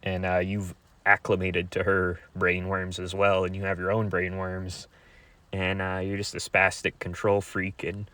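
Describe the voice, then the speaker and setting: A young man talking to his viewers in a crude, rambling monologue, halting with many fillers. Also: low-pitched, completely flat delivery, pushed and bright, no room sound.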